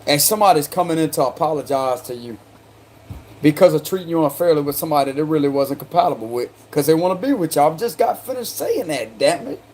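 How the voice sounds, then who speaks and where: A man with a South Carolina accent works through a tarot spread in loose, slangy talk. His voice sits fairly high for a man, and he breaks into laughter between cards. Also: expressive, fast, darkish tone, slight background noise. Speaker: tarot reader. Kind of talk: casual spoken tarot reading.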